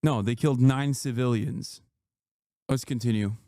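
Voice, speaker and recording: While streaming live, a man reacts to the news with an angry, profane, lecturing rant, his voice climbing high when he gets heated. Otherwise his tone is steady and mellow, at a moderate pace.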